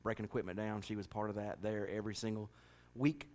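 A man's voice: lowish voice, level tone, quick pace, darkish tone. A man preaching and making church announcements in a folksy, joking, chatty way. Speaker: pastor.

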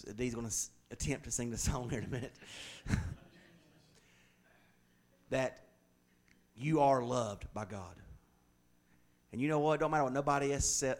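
A middle-aged male pastor preaching a sermon in a conversational way, joking, then pressing his points hard. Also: medium pitch. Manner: conversational preaching with humor and sudden loud emphasis.

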